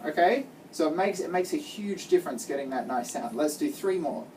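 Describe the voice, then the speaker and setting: A woman's voice: low voice, lively intonation, fairly quick, darkish tone, slight background noise. A woman teaching a child guitar one-on-one, giving patient step-by-step instructions and lots of praise. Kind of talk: one-on-one music lesson. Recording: distant mic with guitar playing.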